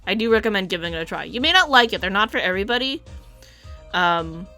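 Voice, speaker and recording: Animated, chatty young woman streamer. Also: mid-range voice, fast talker, faint music behind. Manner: chatty, animated, swears casually. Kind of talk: casual game commentary.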